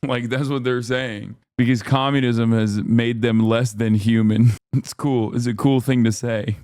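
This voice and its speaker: A man's voice: medium pitch, fairly even intonation, a little slow, darkish tone, smooth, no room sound, clean studio sound. A man streaming casual reaction commentary, profane and sardonic, laughing often.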